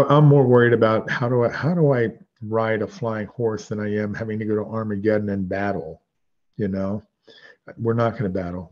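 Husky, mellow male Bible teacher. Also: lowish voice, dull audio. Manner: conversational, digressive, self-correcting.

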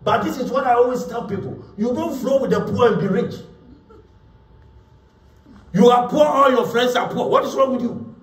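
High-pitched preacher in an echoey hall. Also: male voice, normal speed, long pauses. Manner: emphatic, repeats words, acts out quotes. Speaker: pastor. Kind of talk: sermon. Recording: echoey room, voice from far off.

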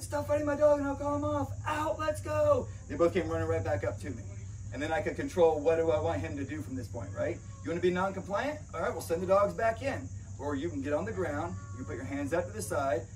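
A man's voice: a little high, fast talker, a little mellow. Brief: a male dog trainer and podcast host, casual and emphatic instruction, faint background hiss on a slightly distant mic. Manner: emphatic, often checks in with "right?".

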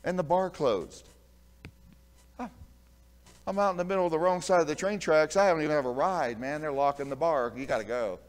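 Middle-aged pastor guy preaching, folksy storyteller, chuckles a lot, goes quiet then gets loud. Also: fairly high pitch, a little fast, pauses often. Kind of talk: sermon.

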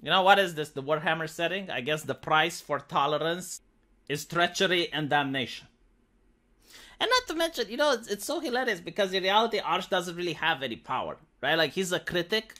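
A man's voice: on the high side, lively intonation, fairly quick, sharp tone. A man ranting sarcastically in an opinionated commentary, peppering his talk with "like". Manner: sarcastic, ranting, heavy use of "like". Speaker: commentary channel host.

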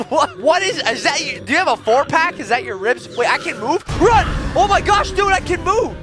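Goofy, animated male gaming host. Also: very high voice, normal speed, creaky, hardly any pauses, over loud music. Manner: goofy, loud outbursts and silly voices. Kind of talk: excited gameplay commentary.

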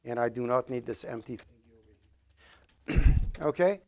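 Here a man teaches programming while writing code live, his medium-pitched voice a little mellow and his pace moderate. Speaking with a Persian accent, he works through his thoughts aloud, filling gaps and fixing his own mistakes.

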